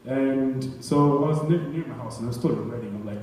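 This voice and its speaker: A man's voice: medium pitch, fairly quick, few pauses, a little mellow. A young man doing a stand-up set on a club stage, rambling with self-deprecating asides. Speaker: stand-up comedian. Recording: echoey club heard from far off.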